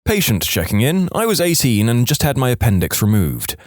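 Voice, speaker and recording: A man narrating submitted stories aloud for a podcast, with an expressive delivery. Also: medium pitch, a little fast, no room sound, clean studio sound. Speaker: story narrator.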